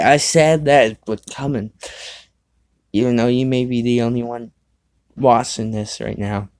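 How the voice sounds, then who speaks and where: A man's voice: mid-range voice, a little mellow. A man hosting his own show, casually reading fan fiction aloud, stumbling over the text and breaking off for sarcastic asides. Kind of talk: casual dramatic reading with commentary.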